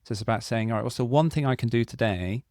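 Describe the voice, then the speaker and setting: A man's voice: mid-range voice, fast, darkish tone, no echo, clean studio sound. A man with a British accent co-hosting a podcast, giving confident productivity advice. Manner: confident, advisory. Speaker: podcast co-host, productivity trainer. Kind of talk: conversational podcast discussion.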